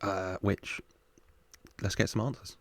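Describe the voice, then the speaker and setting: Male reaction host, low gravelly voice, relaxed joking commentary with frequent laughter. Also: takes it slowly, no room sound. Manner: chatty, laughs often, jokes with the screen. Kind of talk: casual film reaction commentary.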